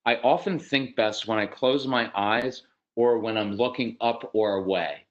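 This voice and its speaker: A man's voice: medium pitch, unhurried, lo-fi sound. A man giving parenting advice on a video call, in an unscripted and conversational way. He thinks aloud, loosely, with fillers. He sometimes acts out parents and kids in short bursts. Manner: conversational, often eyes closed, acts out child and parent voices. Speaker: parenting speaker. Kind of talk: parenting talk over online video call.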